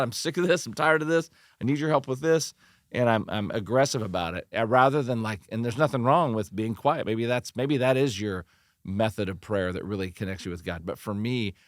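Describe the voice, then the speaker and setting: A middle-aged man with a low voice talks as a pastor in a podcast interview. He is earnest and animated, and he often restarts his sentences. The recording is dry and close. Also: dry recording. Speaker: pastor and church leadership consultant.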